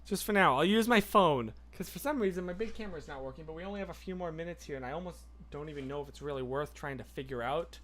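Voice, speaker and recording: Chatty excitable man on a livestream. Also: fairly high pitch, quick pace, hardly any pauses. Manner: chatty and excitable, rambling between tangents. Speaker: livestream host. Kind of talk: casual livestream chat, answering viewer comments.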